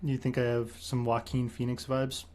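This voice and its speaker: A young man hosting a livestream in casual chat, teasing his guest with quick questions and mock lectures. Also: mid-range voice, monotone, a little mellow, slight background noise. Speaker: streamer host.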